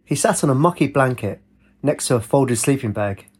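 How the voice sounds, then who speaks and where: A man narrating a story in a steady, even reading voice. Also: medium pitch, moderate pace, breathy edge. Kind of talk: audiobook narration.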